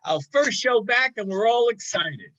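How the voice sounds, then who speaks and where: Man, fumbling co-host, high lively voice, bright, muffled dry lo-fi sound. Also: unhurried. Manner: scattered, fumbling. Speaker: podcast co-host. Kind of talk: casual comedy podcast banter.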